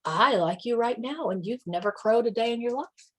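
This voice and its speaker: A woman's voice: a little high, normal speed. A woman voicing an easygoing, sleepy male barn cat in a children's story. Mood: friendly. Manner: relaxed, friendly.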